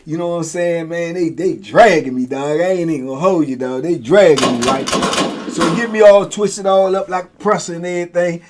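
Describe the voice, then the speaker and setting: A middle-aged man telling a prison story in casual talk. He acts out the guards and himself in loud high bursts and drops low and quiet for asides. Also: brisk, background noise. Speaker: storyteller host.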